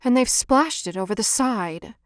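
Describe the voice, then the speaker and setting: A woman voicing a middle-sized motherly female bear in a storybook reading, in a prim, even manner. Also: on the high side, normal speed, no echo, clean studio sound, lightly acted. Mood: indignant.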